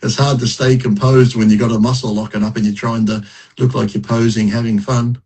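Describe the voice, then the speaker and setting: A middle-aged man with a husky, mid-pitched voice, talking as a podcast guest. His stories come out blunt and profane, and he is quick to laugh at himself. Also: level tone, a little mellow, poor audio. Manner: blunt, profane, self-mocking. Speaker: podcast guest, retired bodybuilder. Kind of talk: casual interview storytelling.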